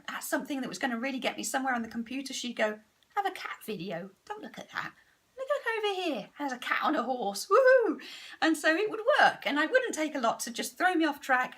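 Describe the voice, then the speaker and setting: A woman's voice: on the high side, a bit bright. A woman, a parent, speaking candidly in a casual vlog monologue, frank and self-deprecating. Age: adult parent. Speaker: vlogger.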